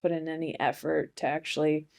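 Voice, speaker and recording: Rambling young woman comedian, deadpan. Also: low voice, fairly quick, vocal fry. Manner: rambling, self-interrupting, deadpan asides. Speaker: comedy podcast host. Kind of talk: casual comedic monologue.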